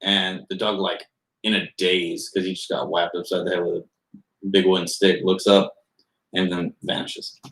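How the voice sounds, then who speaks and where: A man's voice: low voice, little pitch movement, normal speed, a bit bright. A young man narrating as game master, rambling loosely with lots of filler words. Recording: roomy echo.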